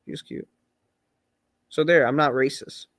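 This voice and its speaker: A man hosts a podcast at a middle pitch, rambling along and stumbling over his words with lots of fillers. The recording is dry and close to the mic. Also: a bit bright, no room sound. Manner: rambling, halting, full of fillers. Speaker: podcast host. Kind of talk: casual chat.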